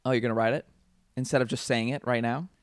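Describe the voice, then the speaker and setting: A man co-hosting a podcast in a loose, joking way, swearing freely and teasing his co-host. His voice sits at an ordinary male pitch. The sound is dry and close, with no room echo. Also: fairly even intonation, quick pace. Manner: profane, joking, reads taglines aloud. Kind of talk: casual chat.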